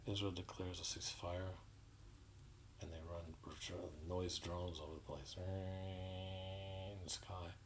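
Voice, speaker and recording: A man delivering an indignant, sarcastic political commentary monologue, halting with frequent restarts. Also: low voice, gravelly, a little hiss or hum, rough recording.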